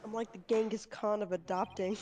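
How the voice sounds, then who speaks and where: A woman's voice: medium pitch, fairly even intonation, brisk, mellow, recorded from a distance, slight background noise. A woman playing a game with friends, making playful, teasing asides. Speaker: co-player. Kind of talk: casual gameplay banter.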